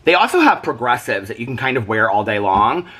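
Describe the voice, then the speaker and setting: A man's voice: mid-range voice, very animated, fairly quick, bright, forceful tone, breathy edge. A man chatting casually to his viewers in a home vlog, rambling from one thing to the next and a little out of breath. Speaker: vlogger. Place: at home, leaning on a kitchen counter.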